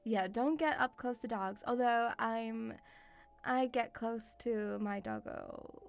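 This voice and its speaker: A woman's voice: on the high side, takes it slowly, vocal fry, smooth. A woman streamer chatting casually and rambling, calling her viewers sweetie. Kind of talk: casual live-stream chat.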